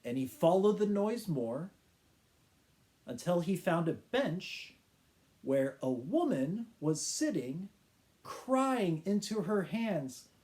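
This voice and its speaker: Brief: man teacher reading a funny tale slowly, mellow and warm, with playful sound effects. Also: high voice, big pitch swings. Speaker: English teacher. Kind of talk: children's storytelling for English learners.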